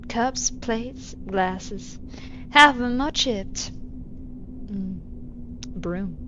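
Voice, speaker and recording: A woman streamer playing a game, reading its text aloud slowly and adding dry, wry asides. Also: mid-range voice, muffled recording, background noise.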